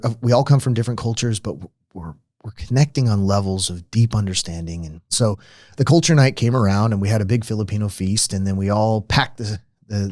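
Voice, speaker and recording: Lowish-voiced man telling a story dry. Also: a little mellow, no echo. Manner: reflective, conversational, with frequent restarts. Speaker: podcast host. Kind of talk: lecture-style podcast storytelling.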